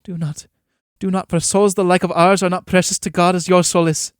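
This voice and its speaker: A starving peasant, frightened and pleading, as a man plays him. The voice rises high and urgent, recorded close and dry. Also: flat delivery, a little fast, clear, resonant tone, dry recording, natural voice. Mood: fearful.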